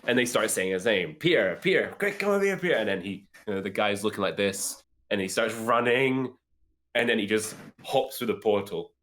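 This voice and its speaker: A man co-hosting a casual podcast, excitedly retelling a movie scene with plenty of swearing. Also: on the low side, moderate pace, slight background noise. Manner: animated, excitable storyteller who swears freely. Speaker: podcast co-host. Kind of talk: casual film discussion.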